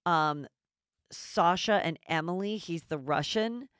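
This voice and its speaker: Woman, gossip podcast host, casual, blunt, swears, resonant voice, low-ish pitch. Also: slow, a bit bright, clear, resonant tone, dry recording, studio quality. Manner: blunt, chatty, swears freely.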